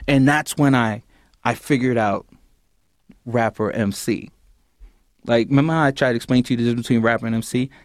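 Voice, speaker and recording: Animated man telling a story. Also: brisk, pauses often, no echo, clean studio sound. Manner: animated, acts out quoted voices with big pitch jumps. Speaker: guest storyteller. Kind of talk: casual anecdote on a podcast.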